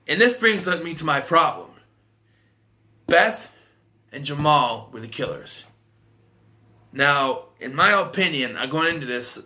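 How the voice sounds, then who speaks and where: Rambling man with a bright voice. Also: medium pitch. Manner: rambling, repeats himself. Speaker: film reviewer. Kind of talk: casual spoken film review.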